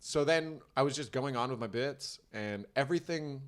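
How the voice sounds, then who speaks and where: A man's voice: medium pitch, moderate pace. A man co-hosting a comedy podcast, telling a stand-up story in casual, swearing chat and acting out voices. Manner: animated storyteller, acts out crowd voices, swears freely.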